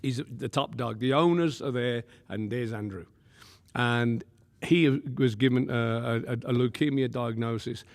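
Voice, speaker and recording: A man, a pastor and podcast guest, telling stories in a lively way, laughing often and acting out the quotes. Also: mid-range voice, measured pace, creaky. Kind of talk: animated storytelling. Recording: long room reverb.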